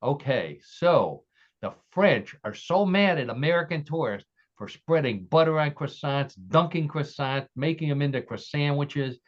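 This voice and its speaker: A man's voice: a little high, animated, normal speed. A man hosting a casual podcast, reading quiz stories in a chatty way with frequent restarts. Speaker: podcast host. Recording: dull lo-fi audio.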